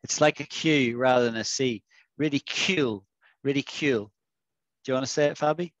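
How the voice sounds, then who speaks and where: A man teaching an English vocabulary lesson in an online class, patiently coaxing students and modelling pronunciation slowly. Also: medium pitch, dry recording, highs cut off. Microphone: video call.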